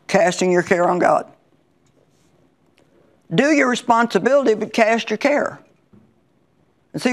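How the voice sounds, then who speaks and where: Woman preacher, conversational sermon delivery, emphatic and repetitive. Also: mid-range voice. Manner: emphatic, conversational, repeats key lines. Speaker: Bible teacher.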